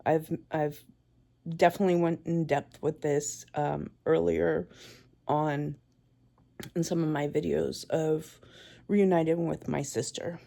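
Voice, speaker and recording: A woman in her forties giving a tearful, halting vlog, crying as she talks. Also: sits low, little pitch movement, creaky, mellow. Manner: tearful, halting, with many pauses and restarts. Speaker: vlogger. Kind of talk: emotional personal vlog.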